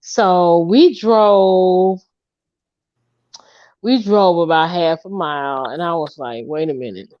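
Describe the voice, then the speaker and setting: A woman in her fifties telling a funny story in casual chat, animated and laughing as she acts out what people said. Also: on the low side, takes it slowly, long pauses, no echo, dull audio. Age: 50s.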